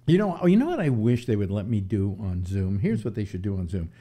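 A man's voice: on the low side, expressive, fairly quick, mellow. A man in his seventies hosting a casual talk show, rambling through philosophical musings with frequent restarts. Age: 70s. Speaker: host.

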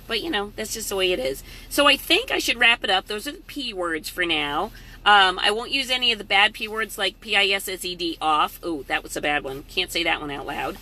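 A woman's voice: mid-range voice, expressive, fairly quick, pushed and bright. A middle-aged woman hosting a casual live-stream from her parked truck, chatty and motivational. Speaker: vlog host. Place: parked truck at a rest area.

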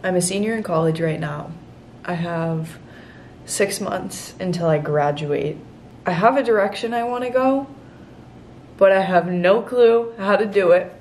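A woman's voice: lowish voice, a little slow, a little mellow, a little hiss or hum. Emotional young woman, candid vlog. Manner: emotional, candid, tearful at times. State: close to tears. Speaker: vlogger. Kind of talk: confessional vlog. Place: outdoors in nature, then indoors. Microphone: camera set down nearby.

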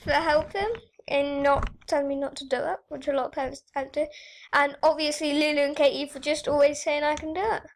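A teenage girl with a high, light voice talks straight to her viewers. She chats in an excitable, rambling way while she plays an online game. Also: a little fast, a little hiss or hum. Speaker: YouTuber. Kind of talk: casual gaming vlog commentary.

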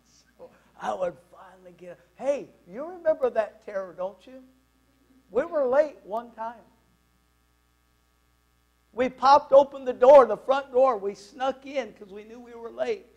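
Male pastor, high voice, animated storytelling, conversational sermon. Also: unhurried, dull audio.

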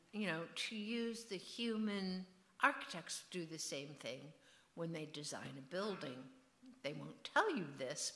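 A woman's voice: fairly low pitch, pushed and bright, echoey room. A woman author in an onstage festival conversation, musing and digressive, with a rhythmic way of speaking. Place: event hall.

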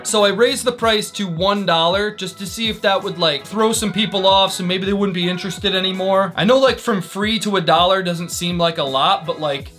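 A man with a rather high voice tells a comic story in a dry, deadpan way. He keeps it playful and now and then jumps into exaggerated voices for the people he quotes. Faint music runs underneath. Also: moderate pace, few pauses. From Northeastern US. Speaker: comedic prank video host. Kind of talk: comedic storytelling monologue.

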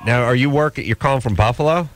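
A man's voice: mid-range voice, quick pace, faint music behind. A man hosting a late-night call-in radio show, ranting sarcastically with many restarts.

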